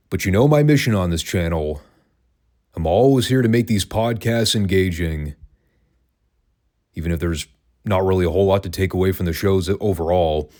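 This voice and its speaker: A man with a very low, deep voice hosts his own podcast alone. He talks in a relaxed, conversational way, with a dry, sarcastic edge. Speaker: wrestling podcast host. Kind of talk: casual commentary, solo podcast.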